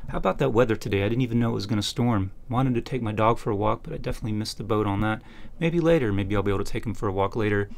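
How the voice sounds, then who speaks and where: A man reviewing microphones in a small home room, talking close to a USB condenser mic on his desk and explaining each test step by step in a relaxed, plain way. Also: on the low side, racing, vocal fry. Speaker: tech reviewer. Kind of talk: casual mic test demonstration.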